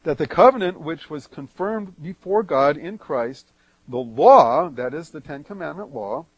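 Male preacher, fairly high voice, dry close sound, reads a verse then explains it, leans hard on key words and drops quiet. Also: animated, unhurried, breathy edge, no room sound, dull audio. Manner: emphatic swings in loudness. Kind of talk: verse-by-verse Bible teaching.

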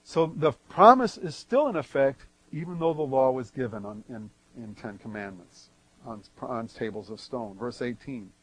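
A man preaching verse by verse, reading scripture aloud and then explaining it, with strong swings between loud and soft. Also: medium pitch, expressive, moderate pace, slightly rough, poor audio. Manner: emphatic swings in loudness. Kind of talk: verse-by-verse Bible teaching.

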